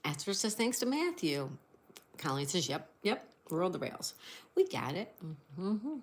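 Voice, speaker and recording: A woman's voice: on the low side, sing-song, unhurried, breathy edge. A woman hosting a casual livestream, greeting viewers, reading chat aloud and spelling out crossword answers. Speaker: livestream host.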